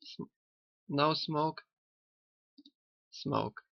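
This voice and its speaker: A man who learned later in life talks slowly, halting and repeating himself. His voice is gravelly and the recording is dry and dull, as if taken close up with a cheap mic. He muses on a cartoon in a loose, spiritual way. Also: on the high side, fairly bright tone, no room sound. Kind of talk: rambling spiritual commentary on a cartoon. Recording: dull lo-fi sound.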